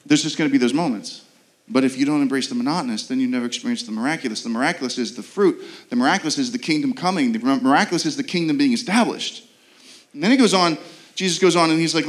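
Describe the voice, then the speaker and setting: A man delivering a sermon in a fairly high voice. He preaches earnestly, tossing out rhetorical questions and stumbling through quick repeated restarts as he builds his point. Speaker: pastor.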